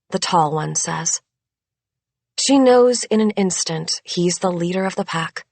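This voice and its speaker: A woman narrating a thriller audiobook in a measured, suspenseful way, close to a studio mic. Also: lowish voice, dry recording. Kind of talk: scripted narration.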